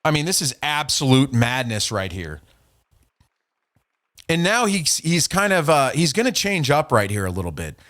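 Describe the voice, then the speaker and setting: A man's voice: a little high, big pitch swings, moderate pace, a bit bright. A man hosting a podcast, casually recounting an online argument in a profane, trolling way and reading messages aloud. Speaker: podcast host. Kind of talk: casual storytelling.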